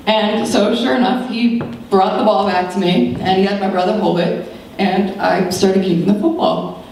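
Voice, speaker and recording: A woman in her thirties gives a keynote in a large lecture room, her voice a touch low as she tells a personal story with animated asides and voices for the people in it. She is picked up from well back in the room, with heavy echo and a faint hiss underneath. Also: moderate pace. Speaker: keynote speaker. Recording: very echoey hall, distant mic.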